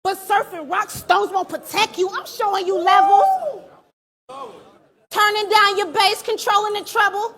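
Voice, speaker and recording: A woman performing a live battle rap, taunting her opponent with aggressive, shouted punchlines. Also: very high voice, unhurried. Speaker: battle rapper. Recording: live event with crowd behind.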